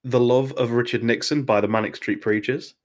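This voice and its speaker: A man in his thirties hosting a casual podcast chat, relaxed and laughing easily. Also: medium pitch, brisk. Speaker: podcast host.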